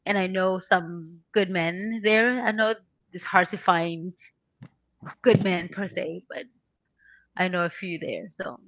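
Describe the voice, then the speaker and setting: A woman's voice: on the low side, fairly even intonation, takes it slowly, dry recording. A woman chatting casually on a livestream panel, friendly and encouraging. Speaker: panel guest streamer. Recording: dull, lo-fi mic sound.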